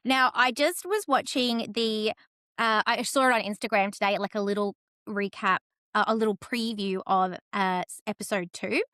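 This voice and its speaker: A woman's voice: medium pitch, fairly even intonation, moderate pace, a bit bright, no echo, clean studio sound. A woman hosting a podcast, steering the casual chat with thoughtful, chatty commentary. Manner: chatty, thoughtful, leads the talk. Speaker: podcast host.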